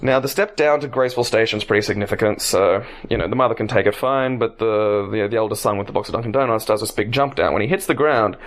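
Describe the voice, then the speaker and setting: A man on a podcast telling a long, profane story in a casual, animated way. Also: fairly low pitch, fast, hardly any pauses. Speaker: podcast co-host.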